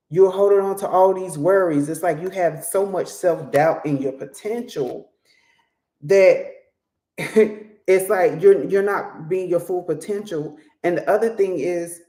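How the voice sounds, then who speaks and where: A tarot reader in a casual reading, chatty and quick to laugh, often slipping into little acted-out voices. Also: mid-range voice, warm tone. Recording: roomy echo.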